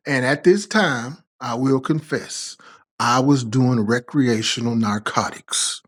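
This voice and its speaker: A young man tells casual anecdotes in a medium-pitched voice at a slow pace. He is animated and slangy, swearing freely as he goes.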